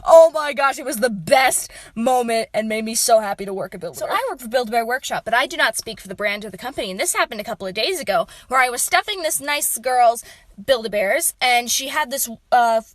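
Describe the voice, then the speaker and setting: A woman who works in a toy store, casually telling funny customer stories to camera, animated and laughing as she goes. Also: fairly high pitch, fast talker. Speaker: retail store employee.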